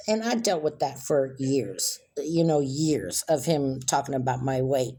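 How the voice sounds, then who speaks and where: A woman telling a personal story in a soft, reflective way. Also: extremely low pitch, expressive, measured pace, few pauses, breathy edge.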